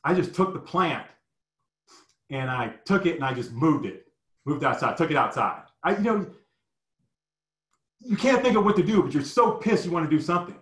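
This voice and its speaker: A man in his fifties telling personal stories, animated and acting out the people in them. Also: fairly high pitch, normal speed, long pauses. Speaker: guest storyteller. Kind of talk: personal storytelling. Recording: roomy echo.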